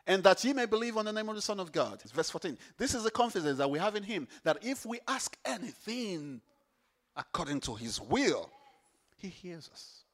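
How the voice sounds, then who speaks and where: A man preaching a sermon, animated, repeating phrases for emphasis and swinging from hushed to loud. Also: sits high, moderate pace.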